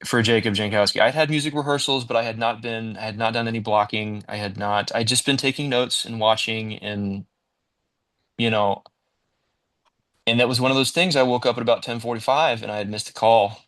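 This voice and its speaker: A man's voice: mid-range voice, brisk. A man, a musical theater actor, telling backstage stories in a casual interview with lots of energy and acted-out quotes. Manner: animated storyteller, acts out quotes, says "man" and "like".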